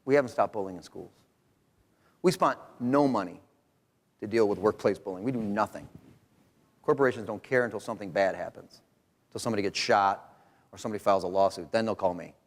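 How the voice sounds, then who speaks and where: Fairly low in pitch and fairly quick, though marked by long pauses, the voice belongs to a middle-aged man from Rochester, New York. He gives a conference talk on his research in a joking, animated, conversational style, and the hall gives it reverb.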